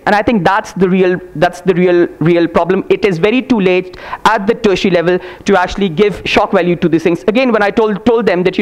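A man speaking as a panelist at a festival discussion, halting with many restarts as he acts out his students' replies. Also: high-pitched. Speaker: panelist, university teacher. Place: festival stage before an audience.

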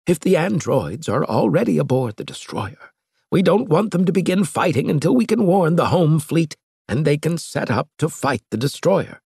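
Scheming professor who weighs every option, as a male narrator puts him on, raised pitch, lively delivery. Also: moderate pace, gravelly, slightly rough, dry recording, clean studio sound, full character voice. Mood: reasoning.

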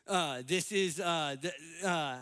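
An American man preaching a sermon in church, animated, acting out the voices he quotes. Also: a little high, takes it slowly. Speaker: pastor. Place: church sanctuary.

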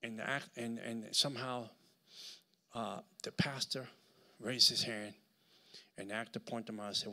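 A man with a Puerto Rican accent preaches as a guest speaker at a church service, telling animated stories that build to loud preaching. His mid-range voice has vocal fry, he speaks at a moderate pace, and he takes long pauses.

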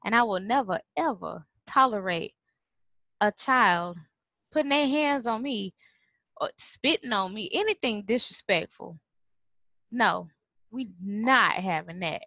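A woman's voice: medium pitch, lively intonation, unhurried, long pauses, pushed and bright, dry recording. A woman telling a story casually to camera, acting out quotes and laughing often. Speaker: vlogger and former preschool teacher.

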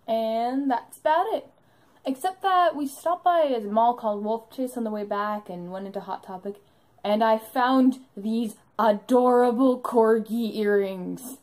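A woman's voice: fairly high pitch, measured pace, a little mellow, low-quality recording. A young woman narrating an enthusiastic fan vlog about a live show she went to, in a bubbly storytelling manner.

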